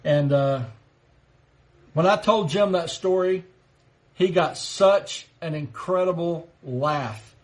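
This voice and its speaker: Guy in his 50s, kinda high voice, chatty storyteller on a live stream, chuckles while he talks. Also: takes it slowly, long pauses. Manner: animated anecdote teller, chuckles as he talks. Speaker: livestream host. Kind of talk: casual storytelling.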